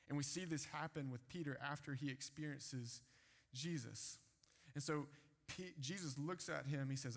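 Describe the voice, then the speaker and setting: A man's voice: a little high, moderate pace. A man preaching a sermon, retelling scripture in casual everyday speech. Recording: long hall reverb.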